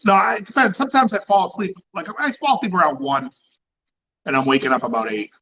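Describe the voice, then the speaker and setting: Hosting a cigar channel, a man chats casually on a livestream, blunt and swearing plenty. He talks fast in a high-sitting voice with a sharp tone, and the recording's highs are cut off.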